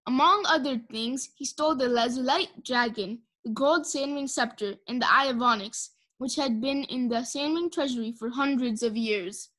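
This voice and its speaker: A woman's voice: sits high, moderate pace, hardly any pauses, a bit bright. A woman voicing a bookish, gloomy young male dragon who lectures, in a storybook reading. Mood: lecturing.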